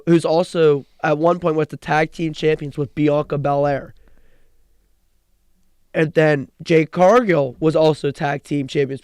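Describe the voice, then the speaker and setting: An excited young man co-hosts a casual podcast, rambling eagerly through a recap and restarting his sentences. His voice sits a little high and sounds smooth and resonant. The recording is dry and close. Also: no echo. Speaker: podcast co-host. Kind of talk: casual chat.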